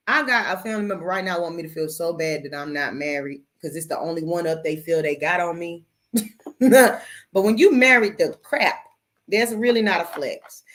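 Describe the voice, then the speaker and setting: A middle-aged tarot reader chats on a live stream, sassy and blunt, swearing freely and calling her listeners baby. Her voice is on the low side and a bit bright.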